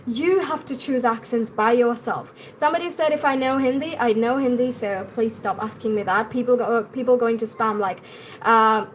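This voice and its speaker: A woman's voice: fairly high pitch, moderate pace, slight background noise. A young woman with an Indian English accent, teaching pronunciation on a live stream and answering viewers' comments as she goes.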